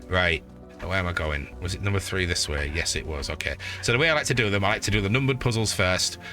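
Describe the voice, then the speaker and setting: A man in his forties from northeast England with a northeast English accent, chatting casually while streaming a video game, rambling and swearing freely, with loud excited greetings. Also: deep voice. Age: 40s. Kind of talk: casual live-stream chat.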